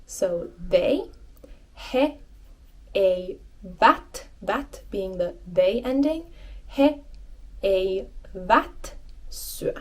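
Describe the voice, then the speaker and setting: A woman giving an online language lesson, patiently repeating phrases slowly and clearly and encouraging her learners. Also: mid-range voice, a little mellow. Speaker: language teacher.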